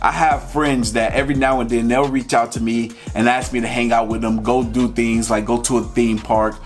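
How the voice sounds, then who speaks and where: A man speaks straight to camera in a candid, heartfelt vlog, telling his own story in a loose, conversational way. His voice sits at an ordinary middle pitch, with faint music playing behind him. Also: little pitch movement, normal speed. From Georgia, USA. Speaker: vlogger.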